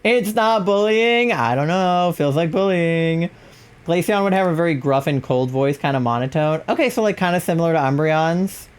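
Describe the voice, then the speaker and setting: A woman's voice: on the low side, expressive, normal speed, clear, resonant tone. A young adult woman chatting casually on a live stream, rambling and filling her talk with "like". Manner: rambling, full of "like" fillers. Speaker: livestreamer.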